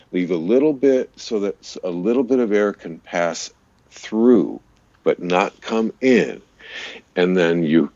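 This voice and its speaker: A man, a voice-over artist and radio DJ, chatting in an interview and explaining voice technique in an easy way, with a deep, resonant voice. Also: darkish tone, no echo, muffled recording. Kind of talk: casual interview chat.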